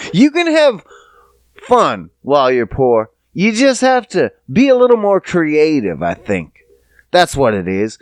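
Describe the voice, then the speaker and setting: Animated, profane man ranting on a podcast. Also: high voice, no echo. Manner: profane, animated storytelling with voiced bits. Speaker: podcast host. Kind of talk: casual comedic podcast rant. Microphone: podcast studio mic.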